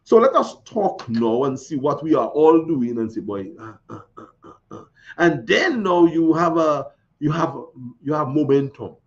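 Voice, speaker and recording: A man's voice: fairly high pitch, lively intonation, normal speed. A man hosting a live stream, reading viewer comments and chatting in a folksy, repetitive way. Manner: chatty, folksy, repeats phrases. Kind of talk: casual live-stream talk. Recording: dull lo-fi stream audio.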